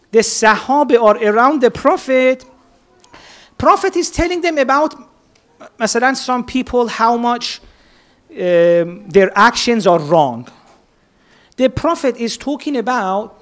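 A religious speaker with a slightly high voice gives an earnest talk built around stories, developing each one step by step. She sprinkles in Persian and Arabic words.

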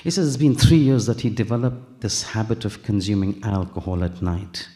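Gravelly-voiced male preacher telling a story. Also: lowish voice, moderate pace. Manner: animated storyteller, acts out dialogue, mixes in Arabic and Urdu phrases. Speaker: Islamic preacher. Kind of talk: sermon with storytelling.

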